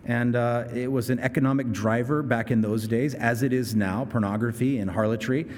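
A man's voice: medium pitch, steady tone, moderate pace, darkish tone. Pastor, male, preaching in a big church with a long reverb tail; conversational, with dramatic surges. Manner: expository preaching, casual asides and dramatic outbursts. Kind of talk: sermon.

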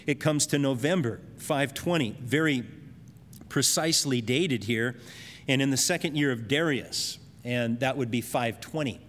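A man's voice: mid-range voice, a bit bright, long reverb tail. A man preaching an expository sermon, earnestly explaining scripture verses with everyday examples.

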